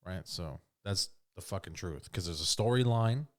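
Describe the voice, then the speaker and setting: A man's voice: deep voice, expressive, moderate pace. A man co-hosting a casual movie review chat, blunt and leading the talk, swearing freely. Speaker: co-host.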